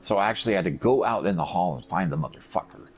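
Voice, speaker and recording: A man recovering from surgery, telling profane, animated stories in a casual chat. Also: deep voice, fast talker. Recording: dull lo-fi recording with faint noise.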